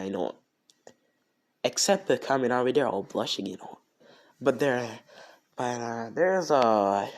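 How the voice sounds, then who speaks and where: A man's voice: medium pitch, creaky, darkish tone. A man casually retelling an improvised fan story, rambling with lots of fillers and slang.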